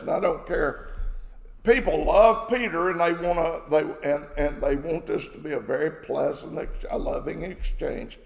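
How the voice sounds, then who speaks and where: A man's voice: a little high, creaky, roomy sound, long reverb tail. A man preaching a sermon, emphatic, asking rhetorical questions and acting out quoted exchanges.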